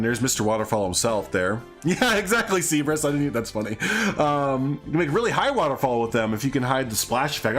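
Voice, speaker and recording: A man's voice: mid-range voice, a bit bright. Rambling, chuckling man streaming a game. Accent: Southern US. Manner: rambling, chuckling, self-deprecating. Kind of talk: live gameplay commentary.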